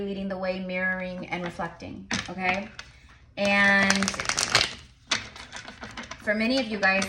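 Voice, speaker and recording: A woman's voice: mid-range voice, very noisy. A woman giving a casual tarot reading to her viewers, rambling with many fillers and restarts. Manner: says she talks fast. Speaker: tarot reader.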